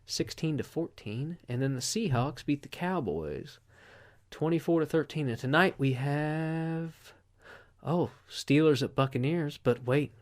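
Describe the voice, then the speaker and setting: Rambling, profane podcast host. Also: male voice, a little high, expressive, measured pace. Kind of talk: casual podcast chat.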